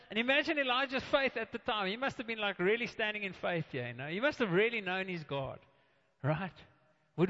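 Animated, high-voiced male preacher in a hall. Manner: animated storytelling, acting out quoted voices, frequent restarts. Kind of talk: sermon. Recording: muffled, with long reverb in a hall.

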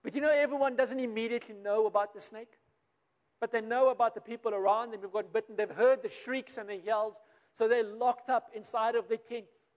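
A man with a South African accent preaching a sermon, telling a story and acting out the quoted voices, rising and then dropping to a quiet close. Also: extremely high pitch, steady tone, brisk. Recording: long reverb of a large hall.

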